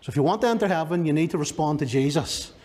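A man's voice: on the high side, animated, quick pace, a little mellow. A male pastor with a Northern Irish accent preaching a sermon, emphatic and driving home key words by repeating them. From Northern Ireland.

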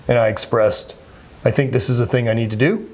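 Husky plainspoken man in his thirties. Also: medium pitch, steady tone, a little fast. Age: 30s. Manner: plainspoken, earnest, with frequent restarts. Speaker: interview guest, former athlete. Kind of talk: candid conversational interview.

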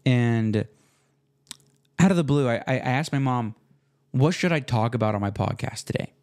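A young man hosting his own podcast, talking casually in a rambling, self-deprecating way with slang and restarts, relaxed after smoking. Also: medium pitch, normal speed. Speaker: podcast host. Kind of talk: casual solo podcast monologue.

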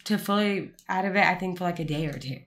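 A woman telling a story in casual family conversation, animated and acting out the people in it. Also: fairly low pitch, fast talker. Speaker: guest relative.

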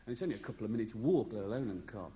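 A man's voice: lowish voice, lively intonation, very fast, dark tone. A man, telling rambling stand-up anecdotes on a concert stage with chatty asides to the audience. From Birmingham, England. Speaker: stand-up comedian. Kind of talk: live stand-up storytelling. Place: stage in a large concert hall. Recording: echoey lo-fi live concert recording. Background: audience laughter.

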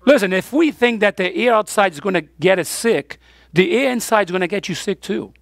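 A man's voice: high-pitched, animated, a little fast, fairly bright tone, no room sound. A man preaching a sermon as pastor, emphatic, with his voice rising on the key points.

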